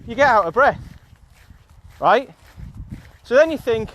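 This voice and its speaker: A man with a notably high voice, a little winded as he walks outside. He rambles and repeats himself in a casual, chatty way. A faint hiss of background noise sits under his voice, picked up by a phone he holds in one hand. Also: sing-song, normal speed, long pauses. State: out of breath. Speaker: kettlebell coach. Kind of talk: casual walking vlog. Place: outdoors on a walk. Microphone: phone held in hand.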